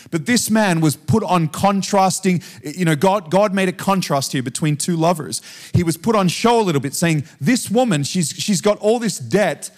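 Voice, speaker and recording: A man preaching a sermon in a church, telling a story in a conversational, animated way with frequent asides to the congregation. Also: high voice. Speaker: guest preacher. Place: church sanctuary.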